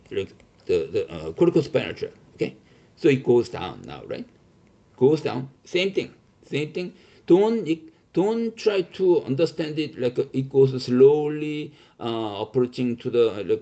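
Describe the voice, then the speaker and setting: Male lecturer, emphatic, lots of "okay?", animated pitch, muffled lo-fi audio. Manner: many fillers and restarts, repeats "okay?"; emphatic, reassuring. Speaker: teacher.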